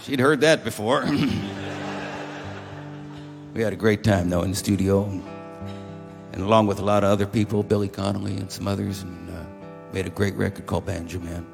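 An older man with a gravelly, creaky voice spins loose, wry stories from a concert stage between songs, chuckling as he goes. His voice carries the long reverb of a concert hall. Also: fairly low pitch, fairly even intonation, normal speed, long pauses, over music. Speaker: musician telling stories on stage. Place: live concert venue.

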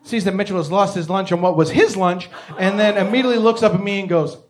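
A man in his twenties doing loud, animated stand-up storytelling, swearing and acting out voices. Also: high voice, quick pace. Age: 20s. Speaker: stand-up comedian.

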